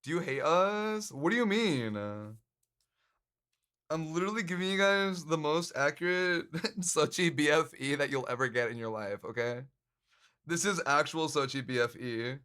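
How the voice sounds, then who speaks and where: A man's voice: a little high, expressive, moderate pace, bright, forceful tone, smooth. A man streamer chatting casually with his live audience, joking, laughing often and swearing freely. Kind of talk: casual livestream chat. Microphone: handcam stream mic.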